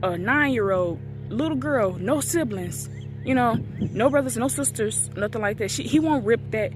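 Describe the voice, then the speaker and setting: A woman's voice: on the high side, expressive, normal speed, music in the background. A woman in her twenties tells a painful personal story in a casual vlog, recorded outdoors near a street. She acts out the things people said to her. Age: 20s. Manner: emotional, acts out quoted dialogue. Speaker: vlogger.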